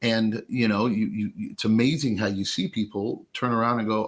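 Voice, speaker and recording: Low-ish voiced guy on a podcast, gets worked up and emphatic. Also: fairly even intonation, normal speed. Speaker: podcast co-host. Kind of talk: casual podcast chat.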